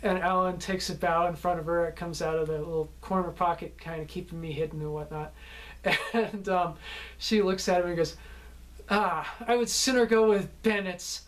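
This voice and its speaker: A man's voice: a little high, fairly even intonation, fairly quick, a bit bright. A man, an actor, casually telling behind-the-scenes stories from a film shoot, rambling with many fillers and restarts and often laughing. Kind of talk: casual anecdotal storytelling.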